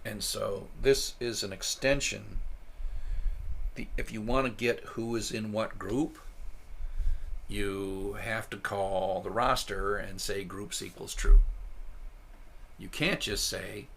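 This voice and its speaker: A man reading a technical spec aloud while live coding, thinking out loud, ranting and swearing, then muttering soft asides to himself. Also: fairly low pitch, unhurried, long pauses, a little hiss or hum. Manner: drops to soft, breathy asides.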